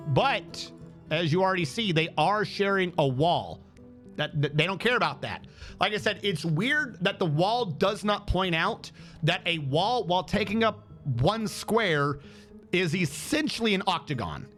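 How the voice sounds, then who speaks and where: A male streamer giving rambling, excitable gameplay commentary with lots of fillers. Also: on the high side.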